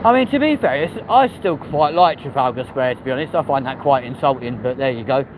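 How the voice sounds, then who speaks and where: A man's voice: mid-range voice, expressive, fairly quick, background noise. A man with a London accent, live-streaming as he walks city streets and chatting cheekily with viewers, swearing freely. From England. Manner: cheeky, sweary, chats to the live chat while walking.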